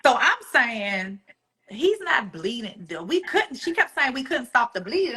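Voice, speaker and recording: Woman, bright voice, emotional personal story, animated delivery, acts out quoted voices. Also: fairly high pitch, a little slow. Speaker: guest.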